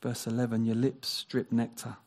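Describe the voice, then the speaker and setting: A man preaching a sermon, animated, acting out quoted voices and dropping into hushed, near-whispered passages. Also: medium pitch, moderate pace. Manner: animated, acts out quoted voices, drops to a hush.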